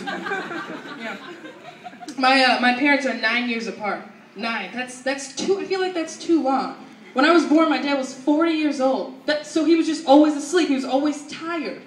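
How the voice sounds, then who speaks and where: A young woman doing an animated stand-up set at an open mic, acting out her family. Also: high voice, moderate pace. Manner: animated, acts out family members. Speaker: stand-up comedian. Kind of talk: stand-up comedy storytelling. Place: open mic at a university venue. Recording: echoey room from far, faint noise.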